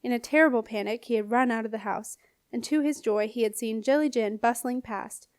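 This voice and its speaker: Expressive woman reading a storybook. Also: a little high, brisk, smooth, no room sound, studio quality. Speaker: audiobook reader. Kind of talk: scripted narration.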